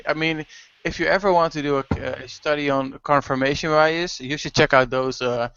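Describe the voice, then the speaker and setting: A man's voice: a little high, fairly even intonation, moderate pace, fairly bright tone, smooth, no echo. A man in casual group chat on a video call, talking in a rambling way and swearing. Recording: muffled lo-fi call audio.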